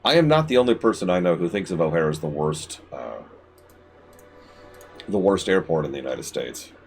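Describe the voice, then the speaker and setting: A man giving live gameplay commentary as a streamer, talking to the game and swinging between shouted outbursts and low mutters. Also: animated, normal speed.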